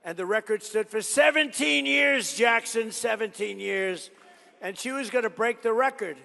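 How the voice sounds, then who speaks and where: A man's voice: sits high, moderate pace, gravelly, pushed and bright. A man in his seventies giving a rambling, boastful rally speech in a large college hall. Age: 70s. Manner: rambling, boastful, digressive storytelling. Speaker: political speaker. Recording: reverberant hall sound.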